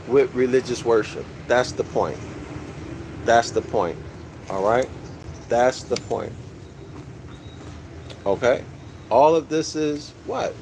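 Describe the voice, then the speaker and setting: Slow, deliberate male lecturer, repeats himself. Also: mid-range voice, background noise. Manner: repeats key phrases, asks the audience questions; says "y'all" to listeners. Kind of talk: slow teaching lecture reading from a book.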